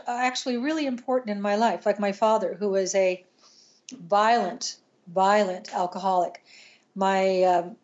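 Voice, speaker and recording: A woman's voice: mid-range voice, darkish tone, lo-fi sound. Earnest older woman telling a story. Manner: earnest, halting, with restarts and trailing pauses. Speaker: podcast guest. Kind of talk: emotional personal storytelling.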